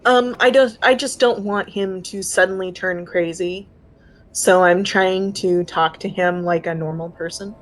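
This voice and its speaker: A woman's voice: medium pitch, steady tone, measured pace. A woman speaking as a player in a tabletop role-playing game, hesitant and filler-heavy. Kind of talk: casual tabletop play.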